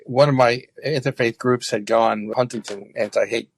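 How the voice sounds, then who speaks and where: Gravelly, husky-voiced New man. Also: medium pitch, steady tone, no room sound. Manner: earnest, halting with fillers and restarts. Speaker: guest activist. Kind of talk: conversational interview.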